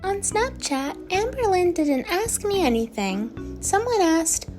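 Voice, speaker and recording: High, lively woman narrating a compilation. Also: soft background music. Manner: brisk, reads out posts and replies. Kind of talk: scripted voice-over narration.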